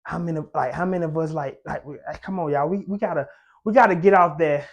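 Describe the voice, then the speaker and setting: A man's voice: a little high, fast. Fervent young man preaching devotionally. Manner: fervent, preacher-like, casual slang. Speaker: faith content creator. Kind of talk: impassioned devotional talk.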